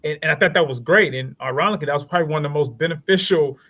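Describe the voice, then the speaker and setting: A man in his thirties with a Southern country twang, a lawyer talking casually as an interview guest and telling animated stories. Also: on the high side, very fast. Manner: animated storytelling, acts out quoted voices.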